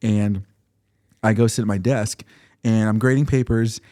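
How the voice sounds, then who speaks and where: A young man who is a guest on a podcast, telling a classroom story in a relaxed, casual way with filler words. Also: on the low side, measured pace. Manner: relaxed, laid-back delivery with filler words. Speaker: podcast guest, singer-songwriter.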